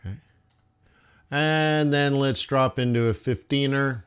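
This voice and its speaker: A man's voice: mid-range voice, clear, resonant tone. A man live-streaming forex trades, thinking aloud over his charts and talking to viewers as "guys". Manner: slow, musing, talks to chat as "guys". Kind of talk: live trading stream commentary.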